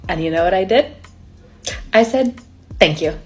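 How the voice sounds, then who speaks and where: A woman recounting bad dates in a wry, deadpan storytelling vlog. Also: medium pitch, normal speed, faint music behind.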